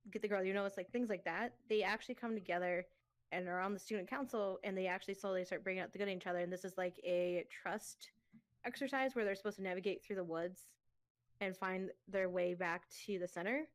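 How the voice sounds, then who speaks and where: A woman's voice: mid-range voice, fast. A young woman in casual chat as a co-host, chatty and giggly, full of fillers.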